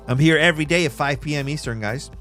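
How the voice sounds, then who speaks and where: Slangy, hyped-up male trading streamer. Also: a bit bright. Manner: casual, slangy, calls viewers bro and my man; emphatic, hype-driven pitch to viewers. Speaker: livestream trading host. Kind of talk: live chart walkthrough and chat shout-outs.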